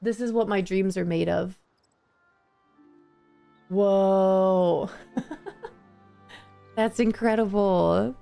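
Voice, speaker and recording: A woman's voice: medium pitch, extremely slow, gravelly, long pauses, dark tone, smooth, soft background music. A woman streaming a video game, chatting casually with her viewers and reacting with easy delight. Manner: bubbly, easily delighted, chatty. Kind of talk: casual live-stream gameplay chat.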